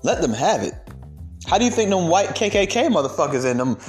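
A man's voice: high voice, sing-song, fairly quick, soft background music. A young man delivering a heated, profane rant of social commentary, emphatic and blunt.

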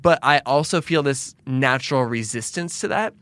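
A man's voice: mid-range voice, normal speed, fairly bright tone, no echo. A man hosts a conversational interview in a dry, close-miked recording. His voice sits in the middle range, and he reflects aloud, circling back and rephrasing as he works his thoughts out. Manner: reflective, thinks aloud with restarts. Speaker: podcast host.

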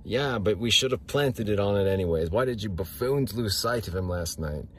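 A man's voice: lowish voice, lively intonation, normal speed, a little hiss or hum, close to an everyday voice. A man voicing an irritable male mob boss who scolds his henchmen. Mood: scheming.

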